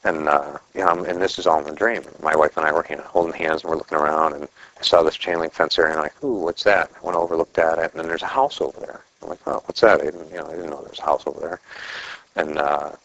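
Deep-voiced man telling a rambling story. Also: little pitch movement, quick pace, fairly bright tone, rough recording. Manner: rambling, with restarts and throat clearing. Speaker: speaker telling a personal story. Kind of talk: casual storytelling talk.

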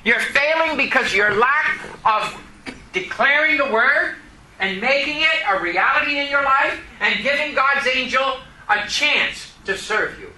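A man's voice: extremely high pitch, expressive, measured pace, sharp tone, a little hiss or hum, poor audio. A man preaching a sermon to a congregation, reading scripture and pressing the listeners with emphatic questions. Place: church service.

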